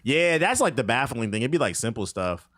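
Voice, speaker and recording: A man in his thirties rambles through profane stories while gaming on stream. His voice sits at an ordinary middle pitch. The close mic leaves the sound dry, with no room around it. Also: big pitch swings, a little fast, fairly bright tone, no echo. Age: 30s. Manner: loose, profane storytelling with laughs and asides. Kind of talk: casual gaming stream chat.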